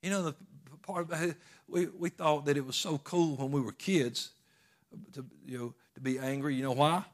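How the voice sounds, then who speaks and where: A man's voice: on the high side, fairly even intonation, moderate pace. A man preaching a sermon in a folksy, emphatic storytelling way.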